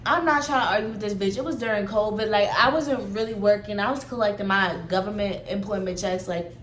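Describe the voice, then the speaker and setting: A young woman telling a story from her own life in a casual, chatty way, full of swearing and lively asides. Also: medium pitch, a little fast. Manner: profane, animated, chatty storytelling. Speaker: vlogger telling a personal story. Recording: echoey room with faint background noise.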